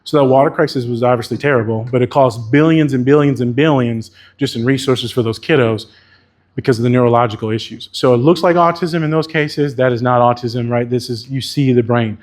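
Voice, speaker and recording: A man's voice: medium pitch, brisk, a little mellow. A man giving a conference keynote as a therapist, talking candidly and casually and swearing freely. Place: conference venue.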